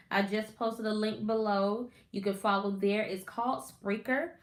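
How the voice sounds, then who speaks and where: A woman's voice: mid-range voice, fairly even intonation, normal speed, few pauses. Chatty woman host in an echoey room. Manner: chatty, greets viewers by name. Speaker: podcast host. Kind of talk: casual live-stream talk.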